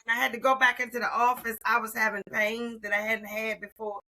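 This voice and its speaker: A woman in her sixties telling her story as an interview guest, expressive and calling the listener "honey.". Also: on the high side, fairly quick, crowd noise, poor audio. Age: 60s. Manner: expressive, warm endearments like "honey". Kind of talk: animated personal storytelling.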